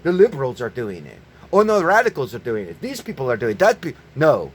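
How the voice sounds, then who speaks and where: A man giving an angry, profane religious rant, yelling at his listeners. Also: mid-range voice, wildly swooping pitch, quick pace. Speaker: online preacher.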